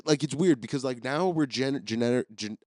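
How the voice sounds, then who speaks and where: At a medium pitch and normal speed, a man with a darkish tone hosts a podcast as a comedic solo act, telling rambling stories laced with jokes and profanity. The audio is studio quality without echo.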